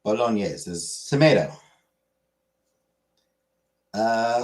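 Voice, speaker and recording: A man hosting a trivia night in a low voice that swings up and down a lot. He talks slowly and keeps stumbling over foreign words, poking fun at his own pronunciation. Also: lively intonation.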